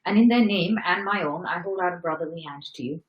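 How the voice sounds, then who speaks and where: A woman reading the lines of a severe old man, a Freemason, in a deliberate, grave manner. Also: fairly low pitch, dull audio, natural voice. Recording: roomy echo.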